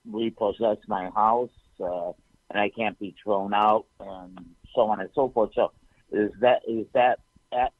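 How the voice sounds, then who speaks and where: A man's voice: fairly low pitch, dry recording. A man calling in to a radio show, hesitant and indignant, over a phone line. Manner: hesitant, indignant, many fillers. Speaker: caller. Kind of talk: live call-in.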